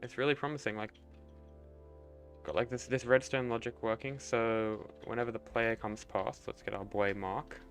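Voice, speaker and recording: A man's voice: mid-range voice, normal speed, soft background music. Young man streaming, mumbling as he builds. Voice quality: relaxed, mumbly, trailing off, casual swearing. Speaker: game streamer. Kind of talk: casual thinking-aloud while building.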